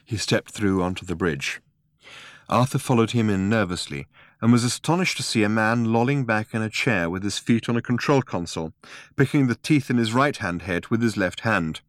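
A man narrating a comic science-fiction story in a measured, wry way. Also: lowish voice, expressive, no room sound, clean studio sound. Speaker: audiobook narrator. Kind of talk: scripted narration.

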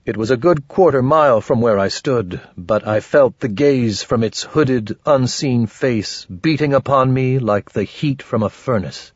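A man narrating an audiobook in first person with a dry, grumbling, wry manner and a husky voice. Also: medium pitch, measured pace, hardly any pauses, no room sound, highs cut off.

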